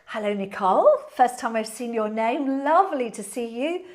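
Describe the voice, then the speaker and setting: A woman's voice: a little high, animated, normal speed, noisy background. A woman leading a live pilates class, encouraging and a little out of breath. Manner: cheerful, encouraging cues. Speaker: pilates instructor. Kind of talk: live-streamed workout instruction.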